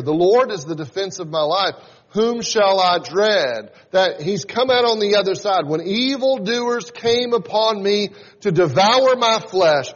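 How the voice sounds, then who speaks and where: A man in his forties preaching a sermon, teaching in a conversational way and reading scripture aloud with rising emphasis. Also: high-pitched. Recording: dull sound in a reverberant hall.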